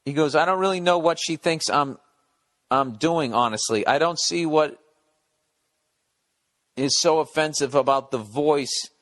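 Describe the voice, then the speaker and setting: A man's voice: a little high, unhurried, pauses often, a bit bright, no echo. Blunt, profane male podcast host. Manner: reads letters aloud, interrupts with blunt profane riffs. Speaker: podcast host answering listener letters. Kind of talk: casual comedic monologue.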